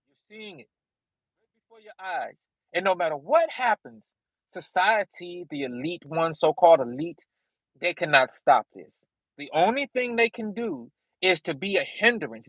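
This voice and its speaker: A man leading a Bible study live stream, reading scripture in an emphatic, drawn-out way. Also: sits high, a bit bright, no room sound, rough recording.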